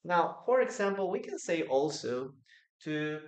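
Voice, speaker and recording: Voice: mid-range voice, very animated, unhurried. A teacher gives a live online English lesson, repeating example phrases and reading out student comments. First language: Spanish.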